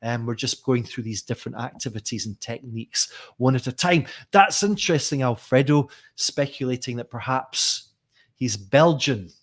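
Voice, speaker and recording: A middle-aged man running a live online teaching session, lively and questioning, calling on viewers by name. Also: medium pitch. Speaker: teacher trainer.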